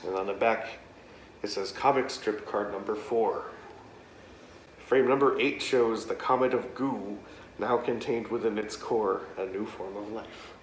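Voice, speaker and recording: A man's voice: on the low side, fairly even intonation, unhurried. Laid-back male vlogger reading card backs with mock drama, roomy home recording, faint hiss. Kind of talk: reading trading cards aloud, laid-back. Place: home room. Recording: roomy, faint background noise.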